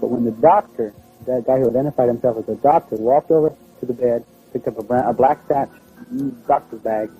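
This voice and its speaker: A man recounts a personal experience in a plain, conversational way, pausing and restarting as he goes. His voice is dark and mellow. Faint music plays under the recording. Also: medium pitch, rough recording. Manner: plain, halting, conversational storytelling. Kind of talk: first-person spoken recollection.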